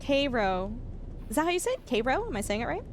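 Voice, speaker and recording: A woman's voice: sits high, sing-song, fast, a little hiss or hum. A young Canadian woman chatting casually to her stream while playing a game, often checking how she says place names. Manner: chatty, laughing, questioning her own pronunciation. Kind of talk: casual livestream chat while gaming.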